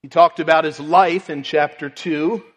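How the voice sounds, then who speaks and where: A man's voice: fairly high pitch, steady tone, a little slow. A man preaching a sermon, earnestly reading and explaining scripture. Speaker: pastor. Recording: long reverb in a large hall.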